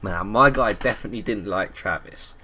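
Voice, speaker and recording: A man's voice: fairly low pitch, brisk, sharp tone, a little hiss or hum. A young man commentating a game playthrough, reading chat messages aloud and laughing often. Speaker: gaming video host. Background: keyboard typing clicks.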